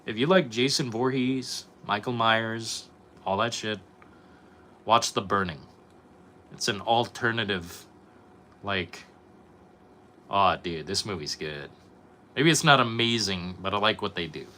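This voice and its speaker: A man's voice: lowish voice, a little slow, pauses often, pushed and bright, a little hiss or hum. A young man streaming, chatting casually with his viewers, rambling and swearing a lot. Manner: profane, rambling, reacting to chat. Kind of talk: casual live-stream chat.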